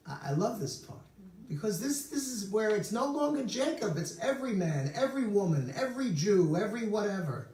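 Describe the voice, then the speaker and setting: Lively rabbi telling stories in a sermon. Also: male voice, sits high, fairly quick. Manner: storytelling with humorous asides. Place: synagogue sanctuary. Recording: roomy sanctuary from far off.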